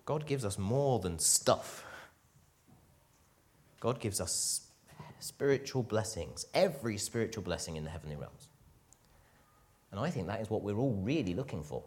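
Male preacher, lower voice, very lively swings between loud emphasis and quiet asides. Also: moderate pace, long pauses. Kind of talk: sermon.

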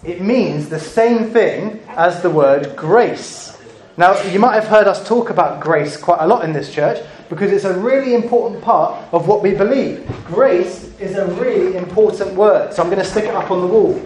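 A high-pitched man leads a children's talk in church, playfully coaxing everyone to join in. His voice rings around an echoey church room. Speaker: preacher.

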